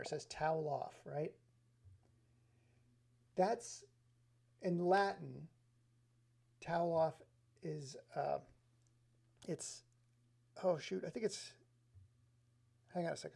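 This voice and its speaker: A male streamer with a gravelly, husky voice chats loosely with his live viewers, excitable and scattered. His tone is dark and mellow, jumping from thought to thought and greeting people as they arrive. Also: fairly high pitch. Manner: excitable, scattered, talks to chat, laughs often.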